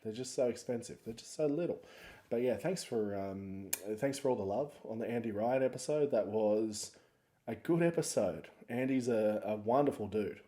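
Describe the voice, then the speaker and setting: A man hosts a podcast in a casual, rambling way. His voice is mellow and mid-pitched, and his chat is jokey and full of self-mockery. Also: animated, normal speed. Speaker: podcast host.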